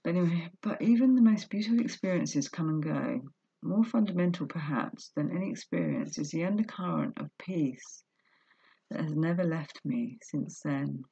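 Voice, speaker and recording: A woman with a low, husky voice reads a book aloud on her vlog and pauses for earnest, confessional commentary. The recording is dry and dull, like a lo-fi home setup. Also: animated, warm tone, no room sound. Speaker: vlogger reading a book aloud. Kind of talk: reading aloud with personal commentary.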